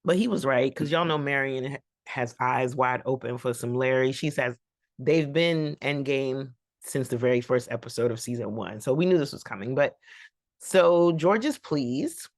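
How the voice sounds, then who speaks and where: A woman's voice: extremely low pitch, moderate pace, no echo, clean studio sound. A woman vlogger giving a rambling, colloquial recap of a TV episode, with laughing asides. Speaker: TV reaction vlogger.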